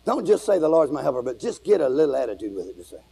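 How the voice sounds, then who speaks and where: A man preaching a fiery revival sermon to a congregation, shouting and calling for responses. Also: on the high side, very animated, racing, creaky, breathy edge, poor audio. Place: church with congregation.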